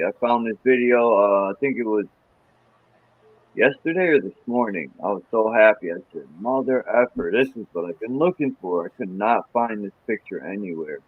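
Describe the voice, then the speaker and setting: A man's voice: fairly low pitch, no room sound. A man hosting a stream, chatting in a loose, meandering way with lots of fillers. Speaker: stream host. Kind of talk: casual rambling chat. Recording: tinny phone-like sound.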